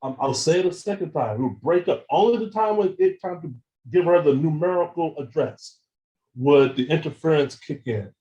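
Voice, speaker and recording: A man giving a seminar talk with slides, retelling events in an animated way, acting out phone calls and often repeating words as he goes. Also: fairly high pitch, normal speed, rough recording. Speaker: seminar speaker.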